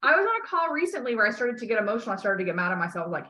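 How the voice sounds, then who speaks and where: A woman's voice: a little high, very animated, racing, few pauses, sharp tone. A woman life coach on a call, talking bluntly and emphatically, swearing often and repeating key phrases to encourage her client.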